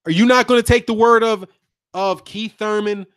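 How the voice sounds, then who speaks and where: A man hosting a boxing channel stream, chatty and animated, talking straight to his viewers and laughing often. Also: high voice, normal speed, smooth. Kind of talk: live-stream boxing commentary.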